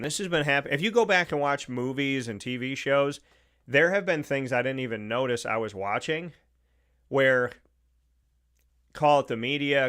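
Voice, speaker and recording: A man's voice: medium pitch, a bit bright. A man hosting a talk show with an Upstate New York accent, delivering an opinionated monologue, emphatic and repeating his points. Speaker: radio show host.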